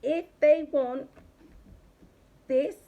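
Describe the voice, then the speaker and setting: A woman's voice: sits high, fairly even intonation, very slow, phone-quality sound. A woman giving a casual tarot reading. She talks bluntly and chattily, and she swears freely. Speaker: tarot reader.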